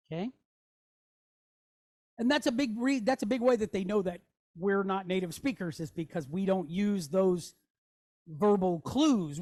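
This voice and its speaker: A woman leads a classroom lesson at a medium pitch for a woman. She explains patiently, sounding out each letter and syllable slowly and drawing them out for her students. She keeps checking in with a quick "okay?" or "right?" as she goes. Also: a little mellow. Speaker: Hebrew teacher.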